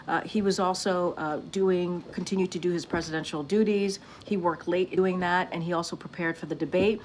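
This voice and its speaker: A woman press secretary answering questions at a briefing, measured and halting with many fillers. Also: lowish voice, fairly even intonation, a little mellow, a little hiss or hum. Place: briefing room.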